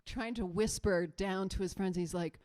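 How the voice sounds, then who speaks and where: A woman's voice: mid-range voice, normal speed, darkish tone. A woman co-hosting a choir live stream in casual chat, a rambling storyteller full of fillers and restarts, talking into a mic set a little away from her. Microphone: mic set away from her, not in front of her mouth.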